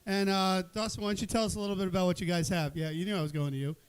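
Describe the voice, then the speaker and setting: High smooth-voiced guy emceeing a cooking event, jokey and rambling. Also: fairly even intonation, rapid-fire. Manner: joking, playful, rambling. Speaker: event host. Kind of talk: casual emcee banter. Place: event hall with an audience.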